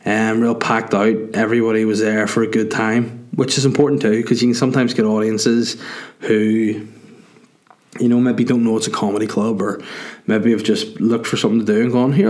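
A young man with a somewhat low voice hosts his own podcast. He rambles through casual, sweary, self-mocking chat full of fillers and sounds worn out. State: tired. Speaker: comedian and podcast host.

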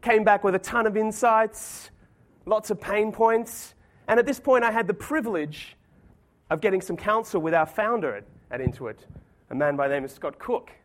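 A man giving a conference talk, telling a story in an animated, self-deprecating way. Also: high-pitched, normal speed. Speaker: conference speaker.

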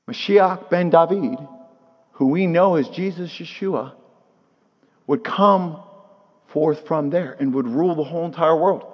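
Guy preaching a sermon, kinda high voice, echoey hall, muffled lo-fi sound. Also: unhurried, long pauses. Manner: earnest, rhetorical questions, repeats key phrases. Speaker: pastor teaching at a Shabbat service. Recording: long hall reverb, dull lo-fi sound.

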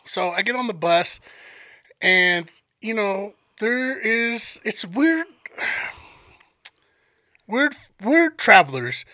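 A man's voice: high-pitched, slow, pauses often, no echo. A man telling a comic story in casual chat, swearing freely and acting out the people in it. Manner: animated, profane, acts out voices in his stories. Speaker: storyteller on a podcast.

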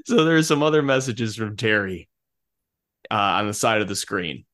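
This man's voice is on the low side and fairly bright, with an animated delivery at a moderate pace. Co-hosting a podcast, he talks loosely about a film, frequently laughing and starting sentences over.

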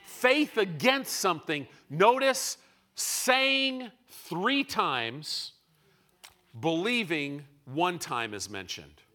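A man preaching a sermon to a congregation, moving between loud, emphatic bursts and quiet, measured asides. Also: sits high, big pitch swings.

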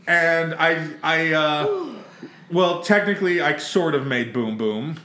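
A man's voice: a little high, very animated, slow, pushed and bright, echoey room. A man telling a rambling, comic story in casual chat, laughing and swearing freely. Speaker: podcast co-host telling a story.

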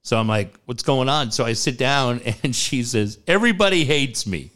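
An animated man tells a personal story in casual conversation. He acts out the other people in the story, and his voice leaps up sharply when he quotes them. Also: moderate pace, clear, resonant tone. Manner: animated, acts out quotes with big pitch jumps. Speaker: guest telling a personal story.

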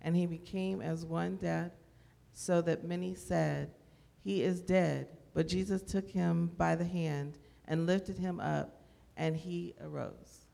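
A woman in a Bible study group reading a scripture passage aloud in a steady voice. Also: fairly low pitch, takes it slowly, creaky.

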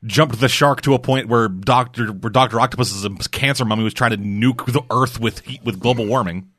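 A man in casual chat, animated and exasperated, swearing freely. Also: mid-range voice, moderate pace. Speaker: podcast co-host.

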